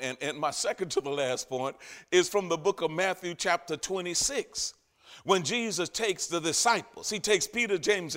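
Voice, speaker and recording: A man preaching a sermon to his congregation, emphatic and repetitive, swinging between loud declarations and quiet stretches. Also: high voice. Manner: emphatic, repetitive preaching with rising and falling intensity. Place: church congregation.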